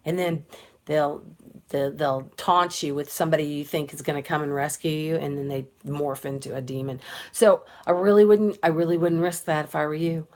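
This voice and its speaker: A woman's voice: low-pitched, steady tone, brisk. A middle-aged woman giving an earnest, preachy faith talk in a casual style, with frequent restarts and fillers. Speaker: political commentator.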